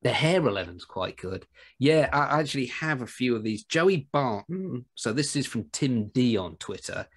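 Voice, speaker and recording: A man's voice: medium pitch, lively intonation, normal speed, slightly rough. A man co-hosting a podcast, rambling and joking in casual chat with frequent laughs. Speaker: podcast co-host.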